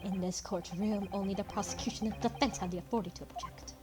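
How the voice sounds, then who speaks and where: A woman voicing a cold, haughty male aristocrat prosecutor, speaking slowly and disdainfully in a lowered, quieter voice. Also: steady tone, natural voice. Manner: clipped, disdainful, slow delivery.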